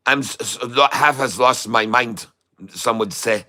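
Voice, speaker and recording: An older man chatting his way through a live trading stream, folksy and jokey, breaking into laughs. His voice has a bright, forward edge. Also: mid-range voice, slow. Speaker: livestream host, day trader. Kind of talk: casual live-stream chat, reading comments.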